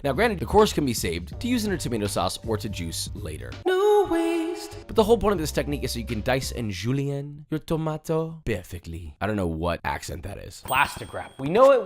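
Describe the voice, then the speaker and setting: A man host narrating a fast kitchen tips tutorial in a playful, teasing way. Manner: playful, teasing, big swings of pitch and loudness. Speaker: cooking host.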